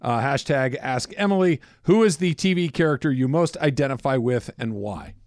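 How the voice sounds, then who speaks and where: A man hosting a sports radio show, telling animated stories in casual talk from the studio. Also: mid-range voice, moderate pace, no room sound. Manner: animated storyteller, swings up and down in loudness.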